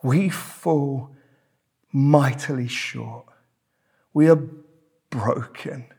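Slow, husky preacher. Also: male voice, medium pitch, warm tone. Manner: emphatic, repeats key words. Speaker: pastor. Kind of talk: sermon. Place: church.

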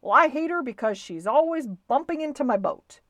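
A woman's voice: high voice, animated, normal speed, a bit bright, no room sound, voice pushed up. A woman voicing a blustery, emphatic grown man who owns a toy schooner, in a storybook reading.

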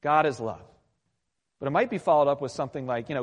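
A man preaching to his congregation, easygoing and conversational, often tossing in a quick "right?". His voice sits at an ordinary middle pitch. The sound carries a long reverb from the hall he speaks in. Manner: conversational, with frequent tag questions. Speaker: pastor. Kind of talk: sermon.

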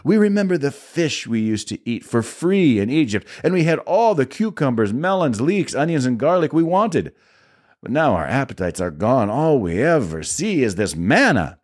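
A man's voice: medium pitch, big pitch swings, normal speed, darkish tone, voice pushed up. A man reading the part of a grumbling crowd of hungry wanderers in a whining tone. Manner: whining, complaining.

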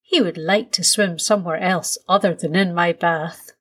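A woman's voice: steady tone, moderate pace, slightly rough. Woman doing an eager little boy. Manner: high bright childlike delivery.

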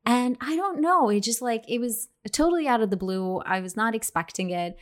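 A woman's voice: fairly high pitch, lively intonation, normal speed. A young adult woman explaining English expressions in a casual lesson, chatty, with many fillers and restarts. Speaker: English teacher.

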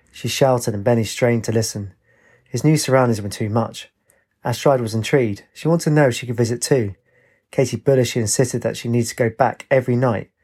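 A man, reading a story aloud as narrator in a steady, even way. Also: medium pitch, slightly rough.

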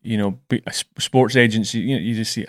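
A man's voice: lowish voice, fairly even intonation, quick pace, no room sound, studio quality. A man hosting a podcast, telling stories in a chatty way and often stumbling over his words. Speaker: podcast host. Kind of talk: casual chat.

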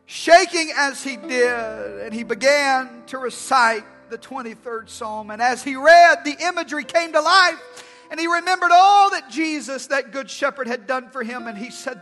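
A man preaching a sermon as pastor, swinging from loud calls to hushed, dramatic lines. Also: very high voice, moderate pace. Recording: long hall reverb with faint music.

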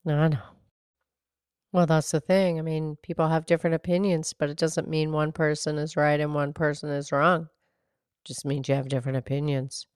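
A woman voicing a gentle, low-voiced podcast co-host who speaks softly and slowly. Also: level tone, clear, resonant tone, dry recording, clean studio sound, lightly acted. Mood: calm. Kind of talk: casual chat.

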